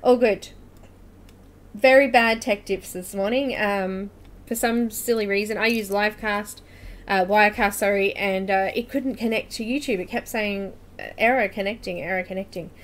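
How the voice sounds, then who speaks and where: A woman's voice: mid-range voice, fairly even intonation, normal speed. A woman hosting a live coloring tutorial stream, chatting casually, laughing often and greeting viewers by name. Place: home room with air conditioner running.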